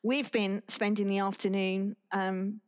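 A woman guest on a podcast, telling a long, rambling anecdote in relaxed conversation, with restarts and laughter. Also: medium pitch, a little slow, smooth. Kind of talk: casual interview chat.

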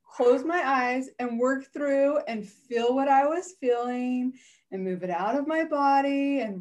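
A woman in her forties chats about family life with an easygoing, storytelling manner. Her voice sits a touch high, and she laughs as she goes. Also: a little mellow. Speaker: guest, mother in a weight program. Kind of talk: casual conversation.

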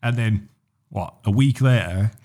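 A man's voice: fairly low pitch, measured pace, warm tone. A young man co-hosting a podcast, chatting in a teasing, storytelling way. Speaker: podcast co-host. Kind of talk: casual chat.

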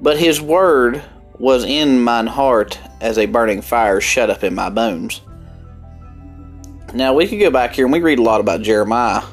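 A man with a country accent preaching a Bible study sermon, earnest and deliberate, with emphatic bursts. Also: mid-range voice. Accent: Southern US country. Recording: faint music underneath.

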